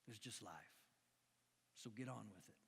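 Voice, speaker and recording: A dying Western gunfighter, as a preacher puts him on, speaks in a slow country drawl, low and dry. His voice sits far below the preacher's own and comes across quiet and flat. A long hall echo trails behind him. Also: vocal fry. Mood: wry. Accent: American country. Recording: long echoing hall reverb.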